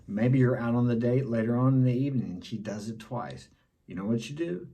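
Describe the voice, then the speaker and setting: Middle-aged male vlogger, mellow husky voice, blunt and instructive. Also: mid-range voice, fairly quick. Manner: blunt, instructive, repeats key points. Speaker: dating advice vlogger. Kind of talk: casual advice monologue.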